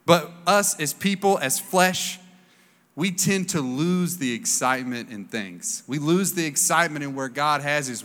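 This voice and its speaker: A man's voice: a little high, pushed and bright. A man in his thirties preaching a sermon in a casual, storytelling way, acting out the voices he quotes. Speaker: pastor. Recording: long reverb of a large hall.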